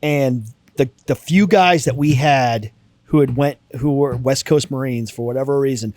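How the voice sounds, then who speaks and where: A man's voice: medium pitch, normal speed, darkish tone, no echo. A man, a former Marine, telling profane stories and often restarting in a casual podcast chat. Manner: profane, stumbling storytelling.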